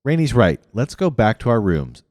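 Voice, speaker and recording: A man's voice: lowish voice, very animated, normal speed, darkish tone, no room sound, studio quality, big-room sound, pitched above the performer's own voice. A man voicing a blunt, impatient young girl in a storybook reading. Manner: blunt, exasperated.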